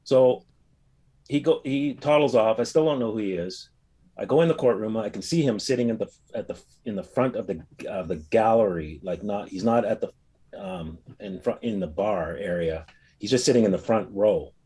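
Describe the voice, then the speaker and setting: A man casually recounting a personal experience, telling it as a rambling, animated story with frequent fillers. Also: on the low side, normal speed, slightly rough. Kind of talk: casual anecdote.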